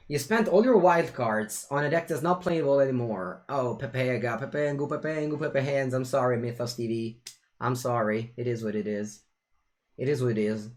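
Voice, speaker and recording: A young man with an Italian accent chatting casually with viewers while streaming a card game. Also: mid-range voice. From Italy. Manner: chatty, animated, switches between English and Italian phrases.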